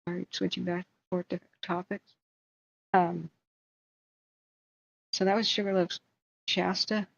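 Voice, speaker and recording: A woman's voice: fairly low pitch, flat delivery, unhurried, vocal fry, dull audio. A woman hosting a livestream in casual chat, rambling and talking to her viewers. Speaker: livestream host.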